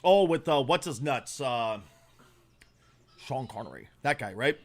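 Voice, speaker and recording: A man's voice: medium pitch, expressive, unhurried. A man hosting a casual livestream, reacting bluntly with lots of swearing and often trailing off while he searches for names. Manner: blunt, profane, opinionated. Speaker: livestream host.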